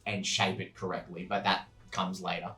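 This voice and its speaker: A man's voice: sits low, level tone, normal speed, sharp tone, echoey room. A man narrating as game master of a tabletop role-playing game, rambling with many fillers and restarts. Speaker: dungeon master.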